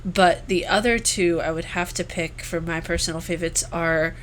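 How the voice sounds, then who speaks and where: A woman guest on a podcast, telling stories in casual chat, giggly and animated, swearing casually. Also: fairly low pitch, normal speed, slight background noise.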